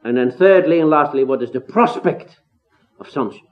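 Through tinny, phone-like audio, a man with a fairly high-pitched, animated voice delivers an expository sermon at a moderate pace. He is earnest and emphatic, asking rhetorical questions and letting his exclamations climb.

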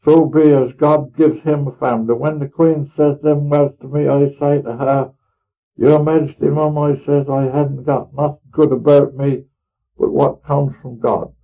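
On a tinny, phone-like old recording, a man with a slightly high voice reads a dramatic monologue at an unhurried pace and in a flat delivery. He is a storyteller in character as an elderly, pious, plain-spoken farmer from rural Norfolk, speaking in that dialect. He tells his tale in a homely, earnest, rambling way.

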